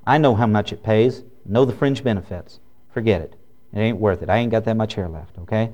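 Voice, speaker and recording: A man's voice: fairly low pitch, a little fast, darkish tone. A man preaching a folksy, humorous sermon as a pastor.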